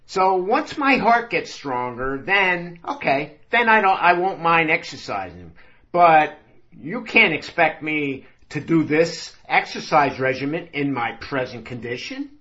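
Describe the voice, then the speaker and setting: A man's voice: on the high side, big pitch swings, unhurried, bright, forceful tone, dull audio, exaggerated voice. A man voicing a whiny middle-aged patient with a bad heart who protests and pleads his way out of exercise. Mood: protesting.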